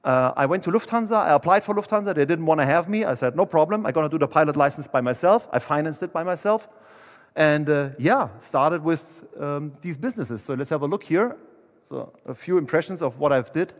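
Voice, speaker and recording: A young adult motivational speaker with a fairly high, animated voice talks a little fast as he shares a personal story with employees. He is candid and chatty, acting out what people said, and the sound carries the long reverb of a large hall.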